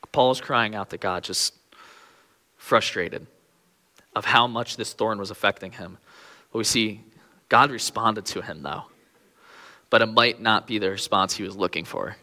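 Young male preacher, earnest sermon delivery, low and bright, long hall reverb.

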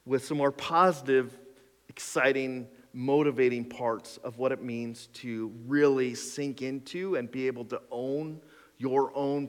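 A male pastor preaching a sermon in a conversational, emphatic way, counting off numbered points, in a church sanctuary. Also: medium pitch. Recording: long hall reverb.

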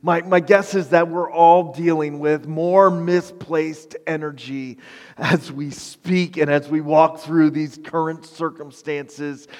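A pastor preaching a conversational, emphatic sermon with self-deprecating humor. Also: male voice, a little high, steady tone, slow pace, darkish tone, long reverb tail.

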